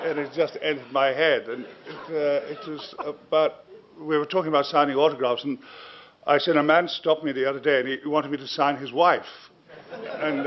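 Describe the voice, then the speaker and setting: A man's voice: a little high, noisy background. An older man, a guest telling long, self-mocking anecdotes in an interview and chuckling through them. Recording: dull lo-fi recording.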